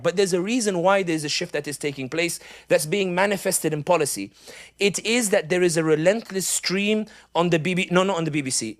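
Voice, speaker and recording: Man, middle-aged, public speaker, live speech, animated, comic asides, fairly high voice. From United Kingdom.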